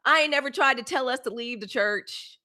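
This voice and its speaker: A woman with a Mississippi Southern accent hosts a casual livestream, talking straight to her viewers as y'all. She is blunt and fiery and swears freely. Her voice is bright and pitched a little high. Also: brisk. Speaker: livestream host.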